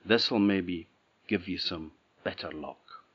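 A poor, generous fisher boy speaks politely in an Orcadian Scottish accent, voiced by a male storyteller. The voice sits rather low and unhurried. The recording sounds slightly dull. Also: a bit bright, slightly rough, exaggerated voice. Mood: kind.

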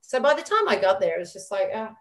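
A middle-aged woman, a guest on an interview show, telling a lively story full of quoted dialogue. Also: medium pitch, fast. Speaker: guest, former squash champion.

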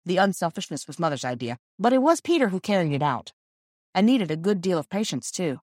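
A woman reading a classic children's novel aloud as an audiobook narrator, with measured storytelling and voices for the characters. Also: lowish voice, sing-song, a little mellow, no room sound, studio quality. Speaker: audiobook reader. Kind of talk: scripted narration.

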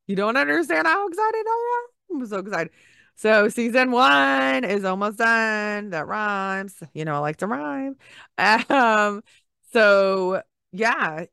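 Bright, gushing woman podcast host. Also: medium pitch, clear, resonant tone, dry recording, clean studio sound. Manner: gushing, upbeat, encouraging, chatty with many fillers. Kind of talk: casual podcast monologue.

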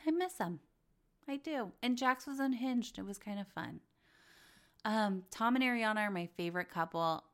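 A woman in the middle range of pitch hosts a gossip podcast in loose, casual chat. She talks bluntly, swears freely and slips into little acted quotes of other people. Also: normal speed, a bit bright. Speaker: podcast host.

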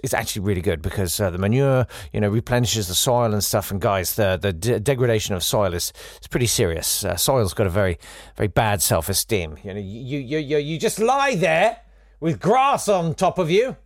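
A man's voice: mid-range voice, no room sound, studio quality. A man hosting a comedy show, delivering a rambling, sarcastic satirical monologue. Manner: wry, rambling, sarcastic asides. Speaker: comedy podcast host.

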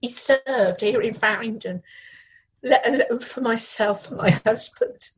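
A middle-aged woman, a bereaved widow, speaking in an interview in a halting, grieving way and repeating her words. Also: a little high, breathy edge, low-quality recording. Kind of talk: emotional news interview.

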